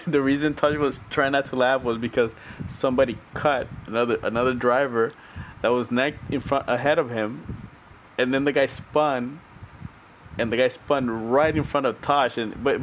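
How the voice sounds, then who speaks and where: A man's voice: mid-range voice, a little hiss or hum, rough recording. Chatty, laughing male sim racing streamer. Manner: laughing often, repeating himself, chatty. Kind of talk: casual stream chat with viewers.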